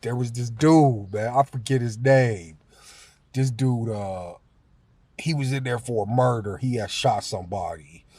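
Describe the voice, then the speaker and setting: A man's voice: medium pitch, a little slow, a little mellow, slightly rough, dry recording. A man telling a story in a casual, slangy monologue, full of filler phrases and laughter. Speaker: vlogger.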